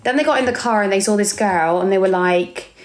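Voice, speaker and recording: A woman's voice: mid-range voice, brisk. Young english woman livestreaming, chatty, calls everyone darling, reads comments out. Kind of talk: casual live-stream chat.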